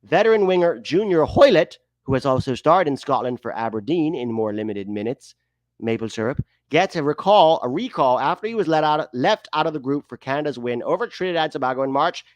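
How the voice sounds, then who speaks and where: A man's voice: fairly high pitch, sing-song, normal speed, no room sound. A man reading a sports article in a mock Canadian accent that drifts toward Irish, exaggerated and self-mocking. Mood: mock formal.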